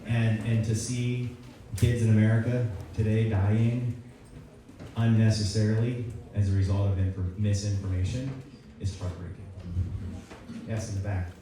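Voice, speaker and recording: An earnest man on the campaign trail answers audience questions with a story, his low, mellow voice full of fillers and restarts. He sounds far from the mic, and a strong echo fills the hall. A faint hum of room noise runs underneath. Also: little pitch movement, moderate pace. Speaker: political candidate. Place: community grange hall.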